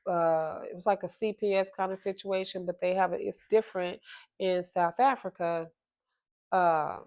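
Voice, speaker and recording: A woman at home telling a hard personal story in a halting, emotional way, with many restarts. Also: lowish voice. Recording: slightly dull lo-fi sound.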